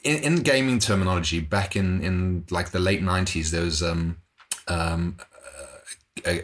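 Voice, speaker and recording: A man's voice: sits low, fairly bright tone. A laid-back man in a casual podcast chat, exasperated and calling his friends dude.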